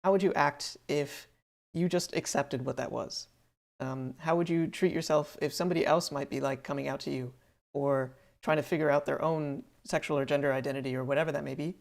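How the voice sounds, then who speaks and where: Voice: medium pitch, steady tone, a little fast, vocal fry. A podcast co-host talking casually, rambling through thoughts with lots of "like" and "um". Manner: rambling, many fillers and restarts.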